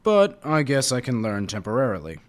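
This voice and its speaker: A man reading aloud, voicing a proud, touchy old male tiger guardian in a gruff, indignant way. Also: medium pitch, huge pitch swings, a little fast. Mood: grumpy.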